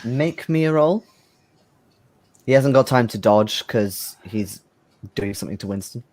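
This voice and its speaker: A man narrates a tabletop session at an unhurried pace, his voice sitting mid-range. He pauses often and fills the gaps with hesitant ums. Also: medium pitch, expressive, a little mellow. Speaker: game master.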